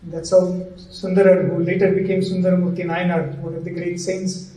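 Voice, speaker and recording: A man's voice: sits high, moderate pace. A man telling a devotional story to a gathering, acting out the characters' lines as he goes. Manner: animated storyteller acting out quoted dialogue. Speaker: devotional speaker. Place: community hall. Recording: roomy hall, mic at a distance.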